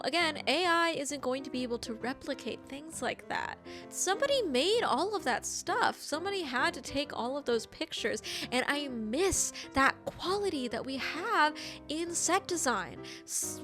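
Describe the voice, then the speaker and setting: A woman casually recapping and reviewing a movie, rambling and chatty with lots of "like" and animated, exclamatory asides. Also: high voice. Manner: chatty, rambling, heavy use of "like".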